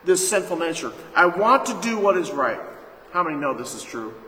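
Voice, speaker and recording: A man's voice: fairly high pitch, sing-song, fairly quick, sharp tone. A man preaching a sermon as pastor, emphatic and calling out to his congregation. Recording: echoey hall, faint noise.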